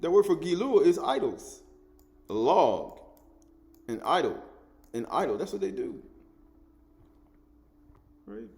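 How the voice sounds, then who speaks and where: Animated man preaching a sermon. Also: a little high, takes it slowly, long pauses. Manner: animated, repeats and restates words, chuckles while teaching.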